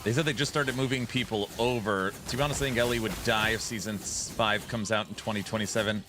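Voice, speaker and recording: A man streaming a game and chatting casually with his viewers, animated and often repeating the start of his sentences. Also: lowish voice, fast talker, over music. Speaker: game streamer reading chat. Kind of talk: casual livestream chat.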